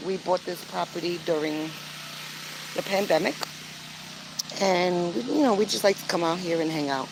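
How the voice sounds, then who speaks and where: An older woman talks casually to her viewers in a chatty, earnest way, leaning on fillers as she goes. Her voice sits a little low. A clear engine and vehicle hum runs behind her. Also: moderate pace, pauses often. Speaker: vlogger. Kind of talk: casual vlog talk to camera.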